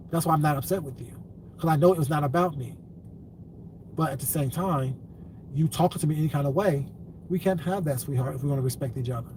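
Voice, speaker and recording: A man streamer lecturing his chat. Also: on the high side. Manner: lecturing, then cursing angrily. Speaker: live streamer. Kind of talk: live-stream rant to chat. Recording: distant mic, faint ambient noise.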